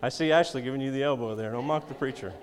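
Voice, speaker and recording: Folksy preacher in a reverberant church. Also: male voice, mid-range voice, fast. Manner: folksy, chuckling asides between scripture readings. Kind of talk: sermon.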